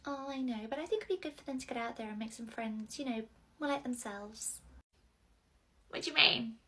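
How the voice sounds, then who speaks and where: A woman doing a low, confiding, smug nursery worker. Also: fairly quick. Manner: low, soft and confiding, matter-of-fact. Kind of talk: comedy sketch acting.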